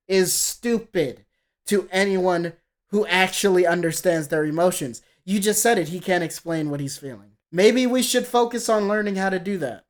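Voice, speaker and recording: Man ranting through a live reaction. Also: moderate pace. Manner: heated, profane ranting with sudden jumps in pitch; mocking quoted voices. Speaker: streamer reacting to music videos. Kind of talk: live-stream reaction commentary.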